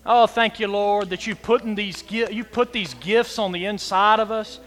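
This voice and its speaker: A pastor preaches with a high, ringing voice. He presses hard on some lines and drops to a hush on others. The reverb of a large church hall carries his words. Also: fairly even intonation, normal speed, hardly any pauses, faint music behind. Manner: emphatic preaching, swinging from loud to hushed. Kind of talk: sermon. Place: church sanctuary.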